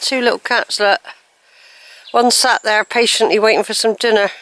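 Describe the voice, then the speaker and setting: A woman's voice: a little high, fairly even intonation, normal speed, a bit bright, slight background noise. A woman walking in the countryside, chatting breathlessly to her camera. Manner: chatty, coos at animals. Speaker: walking vlogger. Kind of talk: casual walking narration. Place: outdoors on a countryside walk. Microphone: handheld phone camera.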